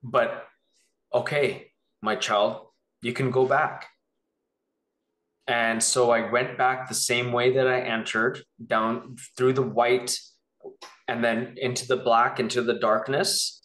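Animated man telling a personal story. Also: medium pitch, slow pace, roomy sound. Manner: animated, rambling, acts out quoted voices. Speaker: interview guest.

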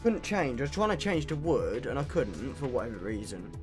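A man's voice: medium pitch, sing-song, brisk, over music. A young man streaming a game, ranting and swearing at opponents. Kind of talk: live gameplay commentary.

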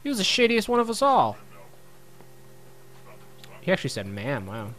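A man's voice: high voice, huge pitch swings, moderate pace, fairly bright tone, soft background music. A young man giving goofy, joking commentary over a video game, talking back to the characters and laughing often. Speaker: gaming let's-player. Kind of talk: comedic gameplay commentary.

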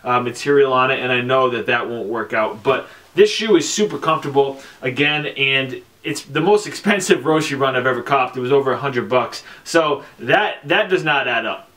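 A young man talking casually on camera about his sneaker collection, chatty and relaxed, with lots of fillers and slang. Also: mid-range voice. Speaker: sneaker vlogger. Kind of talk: casual product review.

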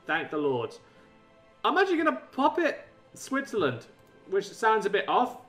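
A young man commentating a strategy game he plays, excitable, laughing often and talking to himself. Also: high-pitched, moderate pace, distant mic. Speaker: gaming channel host. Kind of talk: let's play commentary. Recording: roomy echo, mic set back, faint game music.

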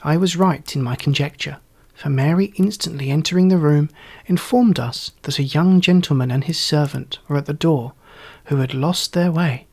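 A man reading a classic story aloud as storyteller, in a measured, theatrical manner suited to period prose. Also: on the high side, gravelly, darkish tone.

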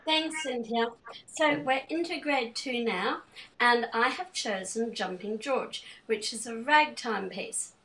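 Gravelly woman explaining piano technique. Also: on the high side, takes it slowly, a bit bright. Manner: methodical, explaining step by step. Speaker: piano examiner and teacher. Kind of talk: online teaching webinar. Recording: distant mic with piano in the background.

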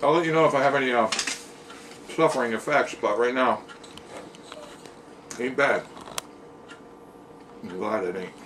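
A man's voice: medium pitch, expressive, measured pace, long pauses. Easygoing man tasting wings, distant mic. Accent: Pennsylvania. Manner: easygoing, plain-spoken, chatty between bites. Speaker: food reviewer. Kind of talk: casual taste-test vlog. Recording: distant mic with noticeable noise.

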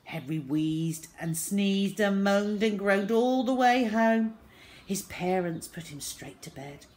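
A woman reading a children's storybook aloud, expressive and dramatic. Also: mid-range voice, slow pace.

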